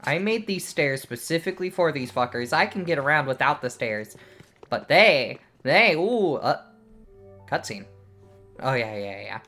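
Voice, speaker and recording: A woman's voice: deep voice, sing-song, a little slow, fairly bright tone, soft background music. A woman streaming a video game, chatting casually, swearing freely and reading game dialogue aloud. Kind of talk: casual gameplay commentary.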